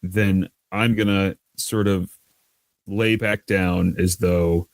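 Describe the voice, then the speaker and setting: Low voiced guy at a dnd table, dry close sound, keeps restarting his sentences. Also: fairly even intonation, slow pace, dry recording. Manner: hesitant, many restarts, acts out shouted lines. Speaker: player. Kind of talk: tabletop role-play, in and out of character.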